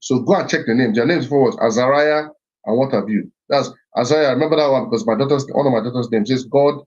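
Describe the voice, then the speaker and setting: Speaking quickly at a medium pitch, a middle-aged man gives an earnest, reflective talk about heritage and identity. His voice is a little mellow, and he often repeats himself and restarts phrases. The recording sounds slightly muffled.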